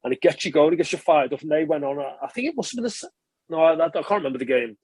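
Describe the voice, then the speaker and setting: A man, a former rugby player, recalls his career in a relaxed interview, rambling and correcting himself as he goes. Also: a little high, very fast, husky, no room sound. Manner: chatty, rambling recollection, frequent filler and self-correction. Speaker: former professional rugby player, podcast guest.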